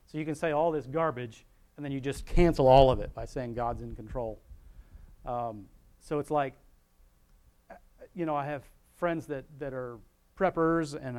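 A man's voice: medium pitch, darkish tone. A man preaching an informal sermon in a rambling, conversational way, often chuckling as he talks.

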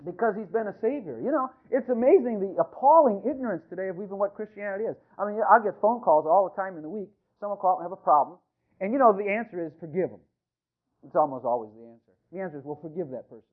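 A man preaching a sermon, firing rhetorical questions at the congregation and swinging from loud emphatic calls to quiet asides. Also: high-pitched, lively intonation, fast talker. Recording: tinny phone-like radio broadcast.

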